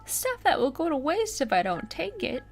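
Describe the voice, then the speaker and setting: A woman putting on a gravelly old camper man. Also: sits high, very animated, moderate pace, faint music behind, pitched above the performer's own voice. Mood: earnest. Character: scruffy old male wild-living camper.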